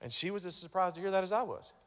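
A man preaches to his congregation, his voice sitting a little high for a man and carrying a long hall reverb. He tells a story and doubles words as he starts. He drops to near hush and then rises to loud emphasis. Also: animated, rapid-fire. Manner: storytelling, repeats words when starting, swings from hushed to loud. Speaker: pastor. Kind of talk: sermon. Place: church sanctuary.

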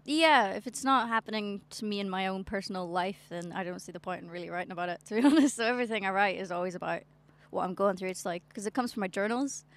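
A woman's voice: medium pitch, fast. A young woman with a Northern Irish accent, a singer chatting casually in an interview on an outdoor balcony, laughing often and trailing off. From Northern Ireland. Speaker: singer-songwriter guest.

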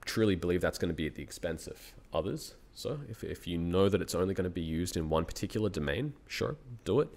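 A man's voice: low-pitched, expressive, fast, hardly any pauses, darkish tone. A man in his thirties with an Australian accent, a university researcher talking as a guest in a casual interview, thinking aloud and laughing often.

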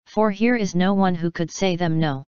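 A mournful virtuous wife, as a woman reader puts her on, low and smooth. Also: normal speed, dark tone, no room sound, lo-fi sound, natural voice. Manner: mournful, pleading. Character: virtuous grieving young wife.

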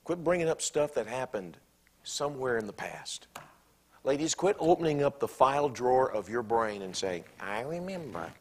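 A man preaching a sermon in a church, animated and bursting into acted-out quotes. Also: medium pitch, normal speed.

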